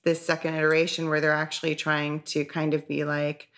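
A woman with a Southern US accent co-hosting a podcast in casual chat, telling stories in an animated, chatty way. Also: deep voice, a little fast. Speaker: podcast co-host.

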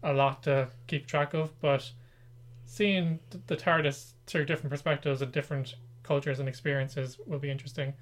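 Man, slightly high voice, podcast co-host; relaxed chat, reads news then teases his partner. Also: normal speed. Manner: reads news items, then chats with wry asides. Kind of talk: casual pop-culture chat.

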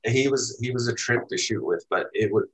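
A man's voice: mid-range voice, a little fast, poor audio. A man from Finland, a guest in an interview, telling a long story casually with lots of "like" and "dude". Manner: laid-back, rambling, heavy use of "like" and "dude". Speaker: interview guest, photographer and former skater.

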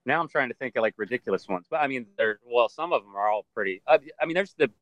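A man's voice: mid-range voice, quick pace, dull audio. A man who handles alligators and crocodiles, telling stories in a casual interview and acting out the voices of people he met. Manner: animated storyteller who acts out other people's voices. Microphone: video call.

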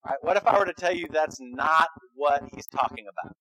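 A male pastor delivers a sermon in a high, bright voice. He talks in a conversational, emphatic way, pressing his points and checking in with his listeners again and again. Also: expressive, brisk, no room sound, poor audio.

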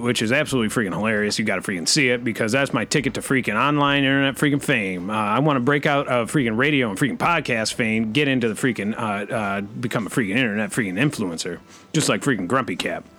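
A man hosting a comedy podcast, rambling in a hesitant, deadpan way with many fillers. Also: mid-range voice, fast talker. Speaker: host.

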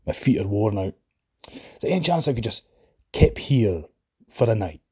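A man's voice: on the low side, big pitch swings, normal speed, dark tone, husky, exaggerated voice. A man with a Scottish accent voicing a strange wee trow, a Shetland spirit, polite and wheedling. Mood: pleading.

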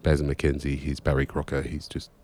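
A man's voice: a bass voice, monotone, normal speed, darkish tone. A man, a musician, telling rambling anecdotes in casual chat and swearing freely. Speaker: musician guest.

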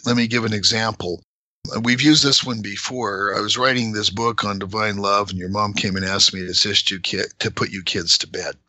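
A middle-aged man explaining scripture in a measured, conversational way, sometimes emphatic. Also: lowish voice, fairly even intonation, sharp tone, dry recording, low-quality recording.

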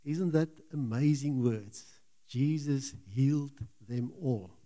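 Halting preacher, man with mellow voice. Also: medium pitch. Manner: halting, repeats words, earnest. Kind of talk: sermon.

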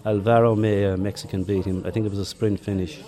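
An older Irish man with a Limerick accent, a former marathon runner being interviewed, tells relaxed, chatty anecdotes about old races with chuckles along the way. His low, mellow voice has a dark, soft tone, a level delivery and a fast pace.

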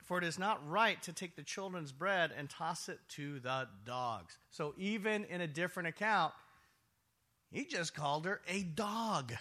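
A man preaching a sermon, telling the story with animated storytelling and acting out voices. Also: on the high side, a little slow. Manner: animated storytelling, acts out voices, laughs often. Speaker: pastor.

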